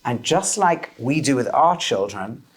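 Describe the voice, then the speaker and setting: A man teaching a lively class as a rabbi, questioning his students and mixing Hebrew terms into English. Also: mid-range voice, measured pace, slightly rough. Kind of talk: lively Torah class lecture.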